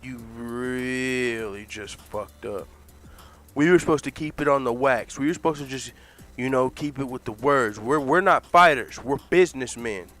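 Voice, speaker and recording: Man putting on a cocky street-talking businessman, a bit higher than his own voice, bright and loud. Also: brisk, faint music behind, close to an everyday voice. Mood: stern. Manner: swaggering, profane street slang.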